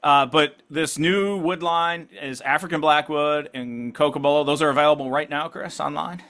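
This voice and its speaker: Bright, upbeat male podcast host. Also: fairly high pitch, fairly even intonation. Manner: upbeat, laughs often, quick bursts of talk. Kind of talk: casual interview chat.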